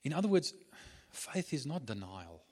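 A man's voice: medium pitch, very animated, normal speed, darkish tone. A man preaching a sermon, driving points home with repeated phrases and talking with frequent restarts and fillers. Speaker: pastor.

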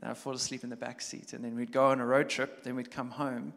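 Pastor preaching in an echoing hall. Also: male voice, mid-range voice, fast talker, vocal fry. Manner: conversational, builds from quiet musing to loud animated storytelling. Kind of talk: sermon. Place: church hall. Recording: long church hall reverb.

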